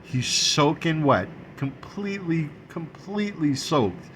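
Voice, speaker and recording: A man's voice: a little high, very animated, slow, a bit bright, a little hiss or hum. A man casually telling a long story for his vlog. He rambles, repeats himself, swears freely and laughs as he talks. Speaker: vlogger. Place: dining room at home.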